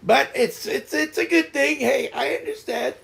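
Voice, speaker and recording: A man's voice: very high voice, moderate pace, gravelly, fairly bright tone. A man hosting a live stream, telling a casual story and laughing often.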